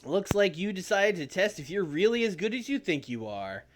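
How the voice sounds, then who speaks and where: A man's voice: high-pitched, big pitch swings, normal speed, soft background music, voice pushed up. A man voicing a brash, overexcited male pro wrestler cutting a promo. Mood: taunting. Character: cocky loud male pro wrestler recruiting rivals.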